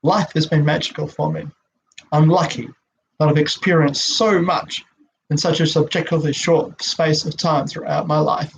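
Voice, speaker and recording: A man's voice: a little high, fairly even intonation, normal speed, vocal fry, slight background noise. A sixty-year-old Australian man, an out-of-work actor, rambling through a heartfelt spoken monologue and swearing when upset, on a dull lo-fi recording. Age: 60s.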